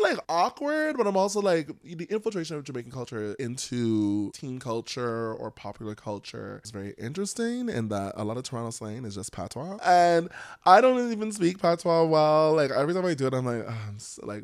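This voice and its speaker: A man speaking as a podcast guest in casual, animated talk, mocking himself as he goes. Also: mid-range voice, dry recording, clean studio sound.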